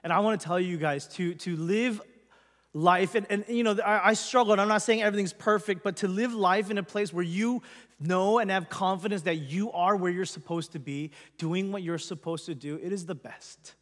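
Male pastor, high voice, earnest testimony, long hall reverb. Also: moderate pace, fairly bright tone. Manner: earnest, conversational storytelling. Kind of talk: personal testimony to a congregation.

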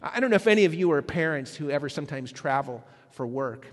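A man's voice: a little high, lively intonation, fast, big-room sound. A male pastor giving a conversational sermon, with frequent hesitant fillers and restarts.

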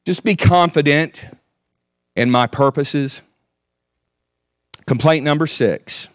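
A man preaching a sermon, reading scripture aloud with measured emphasis. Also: on the high side, no echo, studio quality.

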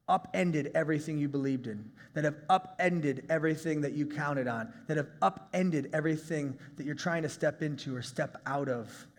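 A male pastor in his thirties preaching a conversational sermon, breaking into shouts now and then. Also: on the high side, big-room sound.

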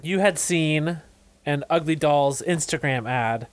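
A man's voice: on the high side, takes it slowly, no room sound, rough recording. A man chatting casually as a podcast co-host, playful, laughing often and jumping between tangents. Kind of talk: casual chat.

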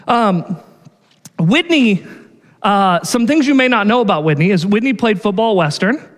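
A man's voice: high voice, expressive, normal speed, long reverb tail. A male pastor giving a sermon in a casual, conversational way, often checking in with "right?" and stumbling over repeated words.

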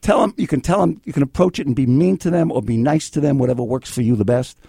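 An older man hosting a call-in legal advice radio show, blunt and excitable, swinging between yelling and calm. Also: medium pitch, quick pace, creaky, husky, no room sound, clean studio sound. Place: radio studio.

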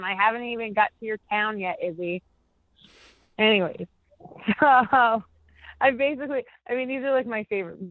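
A woman's voice: on the high side, no room sound. A young woman telling a story in a casual phone interview, rambling and filler-heavy, using lots of "like". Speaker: interview guest. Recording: tinny dry phone line.

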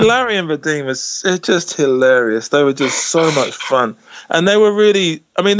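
A man's voice: on the high side, no room sound. A man who is a musician guest, telling stories in a casual interview over a video call, with lots of restarts. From England. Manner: chatty, lots of restarts and "you know".

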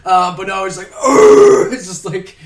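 A man's voice: sits high, monotone, brisk, a loud crowd. A man chatting casually as a podcast guest, rambling and laughing as he tells stories and swears now and then. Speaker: podcast guest, props worker. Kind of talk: casual chat.

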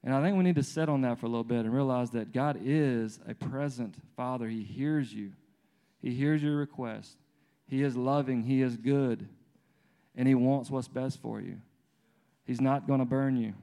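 A gravelly, mid-range voice at normal speed belongs to a man in his thirties preaching a casual sermon filled with personal family tales. Full of restarts and fillers, he's a lively storyteller who performs both his toddler's part and his own.

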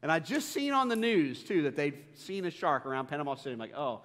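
A man's voice: fairly high pitch, sing-song, fast talker, fairly bright tone, in a large hall. A man, a pastor, preaching a sermon with humorous, self-deprecating stories.

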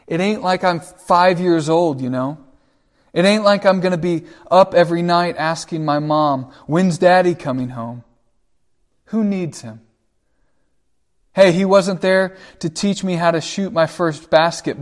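A man's voice: a little high, unhurried, close to an everyday voice. Man retelling as a hurt, defiant teen boy. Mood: bitter. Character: hurt teenage boy abandoned by his father.

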